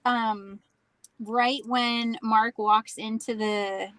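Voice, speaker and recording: Female panelist, slow hesitant talker, higher voice, dry mic. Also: steady tone, a bit bright, no room sound. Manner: hesitant, searching for words. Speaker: podcast panelist. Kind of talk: casual chat.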